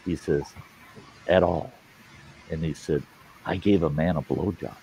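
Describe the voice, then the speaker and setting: Deep-voiced man telling a folksy joke. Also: steady tone, measured pace, vocal fry, noisy background. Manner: folksy, drawling storyteller with mild cursing. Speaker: host. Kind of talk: casual chat and joke telling.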